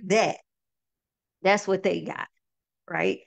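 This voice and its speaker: Slow, low-voiced woman host saying "y'all". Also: fairly even intonation, vocal fry, no room sound. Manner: warm, folksy, often calls the listeners "y'all". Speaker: host and project founder. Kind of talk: heartfelt talk to an online audience.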